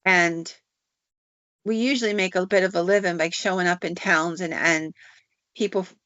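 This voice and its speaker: A woman's voice: lowish voice, fairly even intonation, moderate pace, a bit bright, dry recording, natural voice. A woman voicing a wandering man who travels with a tame bear, speaking in a plain, folksy way as he asks for a place to stay. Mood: pleading. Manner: folksy, plain-spoken, asking a favor. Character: drifting male bear showman, worn and pleading. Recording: dull, dry recording.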